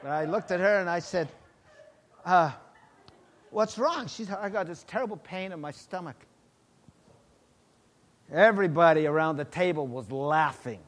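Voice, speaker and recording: Animated high-voiced male preacher. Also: normal speed, pauses often. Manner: animated, swings from loud exclamations to hushed asides. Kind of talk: sermon testimony storytelling.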